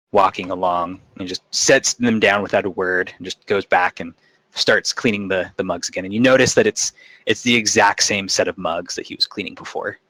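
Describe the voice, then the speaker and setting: Male game master, low, easygoing, dry close sound. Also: no room sound. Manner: relaxed, filler-heavy narration. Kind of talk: narrating a tabletop game.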